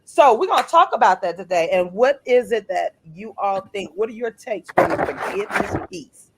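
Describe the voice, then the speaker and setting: A woman's voice: mid-range voice, normal speed, very noisy. Earnest middle-aged woman telling her story. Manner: earnest, animated, retells scenes in voices. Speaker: author and guest co-host. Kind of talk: personal storytelling on a podcast.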